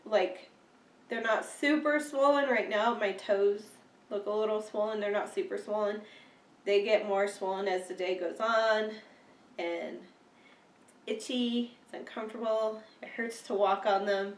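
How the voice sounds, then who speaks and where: A young woman talks through a casual vlog update, slow and unhurried, laughing often between filler words. Her voice is stuffy from a cold, and she sits a bit back from the mic in a roomy, echoey space. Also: mid-range voice, recorded from a distance. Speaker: vlogger.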